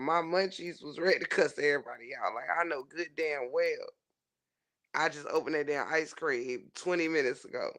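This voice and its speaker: A man telling a funny story to his chat in a casual, animated way, swearing freely and laughing often. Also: a little high, moderate pace. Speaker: livestream host reading chat.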